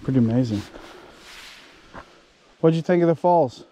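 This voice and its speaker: A man's voice: a little high, mellow. A man, chatting casually and fatherly with his sons on a hiking trail, warning them and joking along the way. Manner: chatty, fatherly, warns and jokes with his kids. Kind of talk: casual vlog narration. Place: outdoors by a waterfall on a hiking trail. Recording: rushing waterfall noise.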